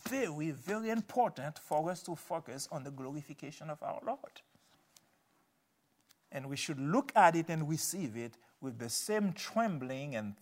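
A man preaching a sermon as a pastor, earnest, his voice swelling loud and then dropping low.

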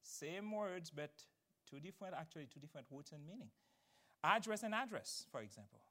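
A man preaching a sermon, swinging from loud, emphatic declarations to quiet, explanatory teaching. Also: fairly high pitch, lively intonation, a little fast.

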